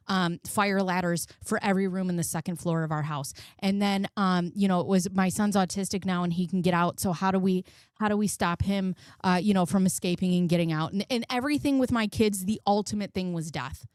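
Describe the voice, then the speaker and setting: A woman's voice: on the low side, a little mellow, dry recording, clean studio sound. A woman candidly telling a personal story to her viewers, frank and emotional, swearing freely. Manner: emotional, profane, frank, addresses viewers as friends. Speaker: commentary channel host.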